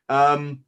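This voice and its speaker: A man's voice: fairly high pitch, clear, resonant tone, muffled recording. Stammering, sardonic man hosting a podcast. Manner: stammers and restarts, sardonic asides. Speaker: podcast host. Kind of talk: casual podcast discussion.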